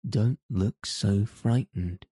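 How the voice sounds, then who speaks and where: A man's voice: lowish voice, little pitch movement, slow, warm tone, no echo. A man reading a weary, troubled guardian. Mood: weary, distracted. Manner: distracted, muttering. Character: weary, troubled middle-aged male guardian. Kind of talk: audiobook character reading.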